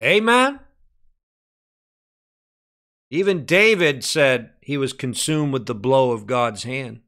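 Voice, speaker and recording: A man preaching a sermon with fervor, dropping to hushed lines and rising to shouted peaks, often asking "Amen?". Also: lively intonation, a little slow. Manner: fervent preaching, swinging from hushed low lines to shouted climaxes; calls out "Amen?" to the congregation.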